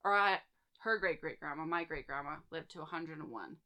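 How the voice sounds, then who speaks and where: Bright-toned woman telling ghost stories. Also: deep voice, fairly quick. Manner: chatty, lots of fillers and "like". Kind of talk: casual storytelling chat.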